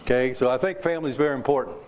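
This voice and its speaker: A mid-range, a little mellow voice comes through very fast, with slight background noise. It belongs to a south central Kansas man in his seventies, guest speaking in a club meeting room with a folksy, joking talk and audience quizzes.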